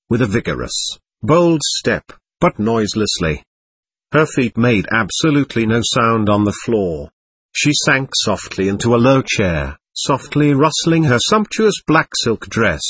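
A man's voice: mid-range voice, breathy edge, no echo. A man reading a classic novel aloud as an audiobook narrator, voicing the dialogue with expression. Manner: reads dialogue with lively, shifting expression.

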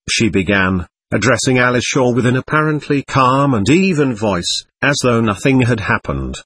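A man narrating a classic novel as an audiobook, in a measured, expressive reading. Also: medium pitch, husky, no echo.

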